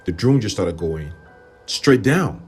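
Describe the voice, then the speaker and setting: A man with a very low voice hosts a livestream and tells a long story in a loose, rambling way. He gets animated and jumps up in pitch when he acts out what other people said. Faint music plays underneath. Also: takes it slowly. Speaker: livestream host.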